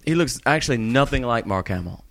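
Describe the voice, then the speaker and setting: A man's voice: mid-range voice, expressive, brisk, creaky, a bit bright. A man co-hosting a podcast, teasing and sarcastic in casual banter. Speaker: podcast co-host.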